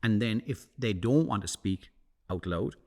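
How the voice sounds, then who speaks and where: A man's voice: fairly low pitch, a little slow. A middle-aged man, a communications coach, talking animatedly in a casual interview, restarting and repeating words. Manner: animated, acts out quoted voices.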